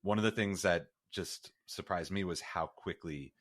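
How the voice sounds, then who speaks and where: A man hosting an interview podcast, easygoing and sympathetic, often halting and restarting his sentences. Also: low voice, fairly bright tone. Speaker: podcast host. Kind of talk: conversational interview.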